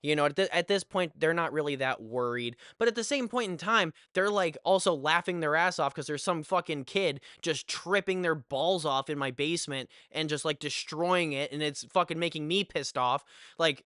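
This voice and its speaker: A young man hosting a podcast, telling a storytime monologue in an animated, profane way with lots of fillers. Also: fairly high pitch, normal speed, clean tone, no room sound, clean studio sound. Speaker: podcast host.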